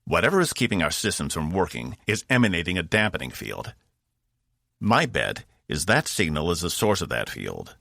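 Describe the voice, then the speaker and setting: A man's voice: sits low, big pitch swings, normal speed, gravelly, sharp tone, dry recording, studio quality, heavily acted. A man voicing a tired, firm male crew leader in an audiobook. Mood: curt. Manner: curt, commanding. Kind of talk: audiobook narration.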